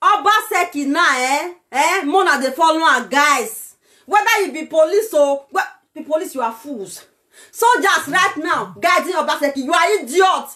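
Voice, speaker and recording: A Nigerian woman with a Nigerian accent, delivering an impassioned political rant to her viewers, shouting and pleading. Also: sits high, expressive, moderate pace. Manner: shouting, pleading, breaks into laughter. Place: lives abroad in Europe.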